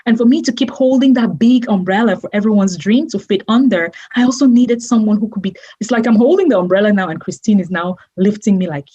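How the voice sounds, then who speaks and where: Husky-voiced woman giving effusive thanks. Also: medium pitch, brisk, few pauses, mellow, dull audio. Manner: effusive, repeats imagery, laughs often. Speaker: guest, entrepreneur. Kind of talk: emotional testimonial interview.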